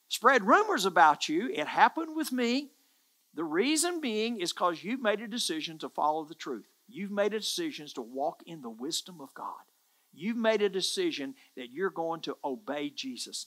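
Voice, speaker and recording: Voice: mid-range voice, fairly bright tone. A pastor preaching a sermon in an earnest, emphatic way, often repeating phrases for stress.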